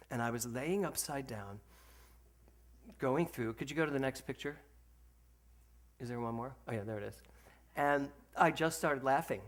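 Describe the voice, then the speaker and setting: A man giving a storytelling sermon to a congregation, animated and laughing, then slowing to a soft, reflective tone for spiritual points. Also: fairly high pitch. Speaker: spiritual center speaker. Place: speaking to a congregation with slides.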